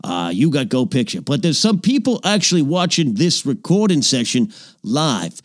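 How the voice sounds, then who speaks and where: A man plays an aging old-Hollywood film producer hosting a comedy podcast. He rambles from story to story, name-drops, and slips into low confidential mutters. His mid-range voice sounds dry and close, as if recorded in a small home nook. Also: very animated, normal speed, no echo. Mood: rambling. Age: older. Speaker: podcast host in character. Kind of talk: improvised character comedy podcast.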